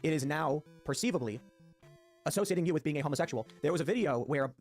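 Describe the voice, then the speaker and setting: A man hosting a political talk show, talking quickly and emphatically and acting out quoted voices. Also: on the high side, animated, darkish tone, soft background music. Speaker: podcast host.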